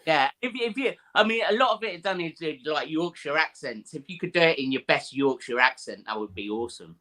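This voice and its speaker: A man's voice: fairly high pitch, expressive, fairly quick, sharp tone, poor audio. A man chatting as a guest in a casual talk, upbeat and easygoing. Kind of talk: casual chat.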